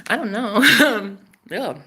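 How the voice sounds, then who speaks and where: This vlogger, a woman with a slightly high, breathy voice, speaks at a slow pace. She's recounting a story on camera, casual and theatrical, full of swearing, going quiet one moment and loud the next.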